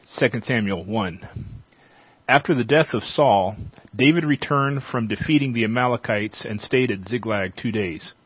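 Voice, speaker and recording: A man reading a Bible chapter aloud as a teacher, at a measured pace. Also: medium pitch, slightly rough, no echo. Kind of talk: scripture reading. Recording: dull, dry lo-fi sound.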